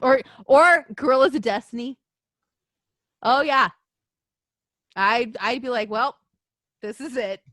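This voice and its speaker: A woman co-hosting a podcast in casual chat, excitable and gushing, swearing freely. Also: fairly high pitch, takes it slowly, long pauses, no echo, clean studio sound. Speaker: podcast co-host.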